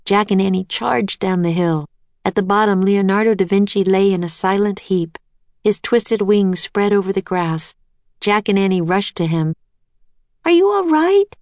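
A woman narrating a children's chapter book aloud in a steady, clear storytelling voice. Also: mid-range voice, normal speed, dry recording.

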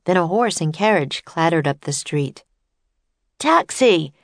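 A woman's voice: low-pitched, moderate pace, no echo, clean studio sound. Woman reading a storybook aloud. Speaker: narrator.

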